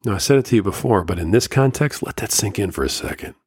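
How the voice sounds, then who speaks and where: A middle-aged man hosting a solo podcast, talking earnestly and emotionally in slow, measured phrases, firm and lecturing at times. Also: on the low side, expressive, a little mellow, breathy edge, no echo, studio quality. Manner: firm and lecturing about fatherhood. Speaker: podcast host.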